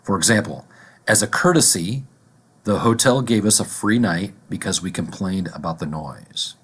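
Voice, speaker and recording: A man teaching a vocabulary lesson, deliberately repeating each word and its examples. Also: low voice, a bit bright, breathy edge.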